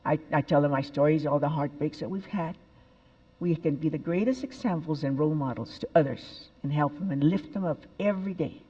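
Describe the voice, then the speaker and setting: An older woman tells stories on a big stage, animated and expressive, with sudden bursts of emphasis. Her voice rings through a large auditorium with a long reverb. The sound is a little dull and muffled. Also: low-pitched, a little fast. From El Paso, Texas. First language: Spanish. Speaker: speaker at a TEDx event. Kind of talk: inspirational stage talk.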